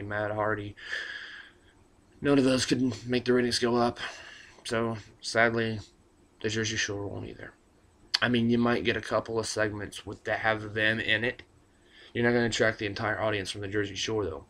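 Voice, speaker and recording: Excitable man ranting into a webcam. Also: lowish voice. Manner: excitable, rambling, stumbles over words. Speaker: wrestling vlogger. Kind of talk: casual webcam rant. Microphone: built-in laptop webcam mic.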